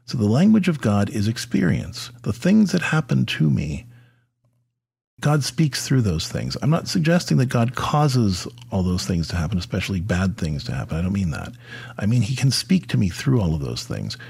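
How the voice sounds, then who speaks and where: Middle-aged guy with a low husky voice, chatty faith talk to dads, lots of um and you know. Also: very animated, normal speed, darkish tone. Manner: conversational, with many fillers and repeated words. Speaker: podcast host. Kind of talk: faith talk addressed to fathers.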